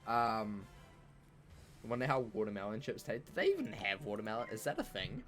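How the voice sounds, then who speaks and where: A man's voice: lowish voice, sing-song, brisk, a bit bright, soft background music. A man streaming a game and chatting casually with his viewers in a playful, jokey, rambling way, full of fillers. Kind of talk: casual live-stream chat while gaming.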